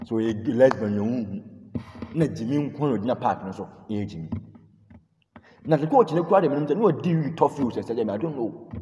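A man from Ghana giving a heated football rant, fired up, repeating words and breaking into shouts. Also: mid-range voice, animated, brisk, long pauses. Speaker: football commentator vlogger. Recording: reverberant room, distant mic, faint noise.

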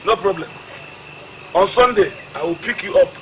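A man's voice: high voice, wildly swooping pitch, moderate pace, a little hiss or hum. A grumbling Nigerian father. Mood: mocking scolding. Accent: Nigerian English. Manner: scolding, mocking, stumbling over words. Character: lazy, grumbling father, mocking his son. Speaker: film actor. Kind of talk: comic film acting.

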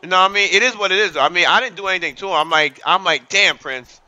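A man in his thirties chatting excitably on his livestream, hyping up the chat and repeating himself as he talks. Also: sits high, racing. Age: 30s. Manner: excitable, repetitive, hypes up the chat. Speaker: livestream host.

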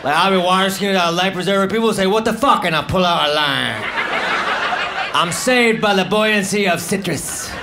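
High-voiced deadpan stand-up man. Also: moderate pace. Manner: deadpan one-liners with mumbled self-deprecating asides. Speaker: stand-up comedian. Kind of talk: live stand-up comedy. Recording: noisy live club recording with audience laughter.

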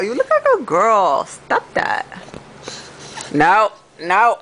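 Mom baby-talking, voice swooping way up and down, slow and drawn out, home phone vid. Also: female voice, medium pitch, huge pitch swings, a bit bright, slight background noise. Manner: playful sing-song baby talk with frequent laughs. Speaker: mother. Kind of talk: home video baby talk. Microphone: phone camera.

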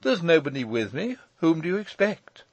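A man's voice: fairly high pitch, big pitch swings, normal speed, dry recording, voice pushed up. A man reading the part of a breezy, good-humoured young lawyer with a teasing manner. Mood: jaunty.

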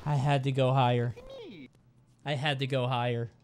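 A man's voice: medium pitch, little pitch movement, normal speed, darkish tone. A man streaming a game live, talking in a playful, sweary, jokey way. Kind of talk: live gameplay commentary.

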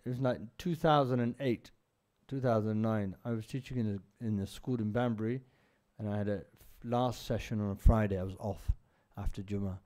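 Warm-voiced man teaching prayer. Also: fairly low pitch, steady tone, a little fast. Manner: conversational storyteller, often checks in with "right?". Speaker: religious teacher. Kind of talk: informal religious lesson. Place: mosque.

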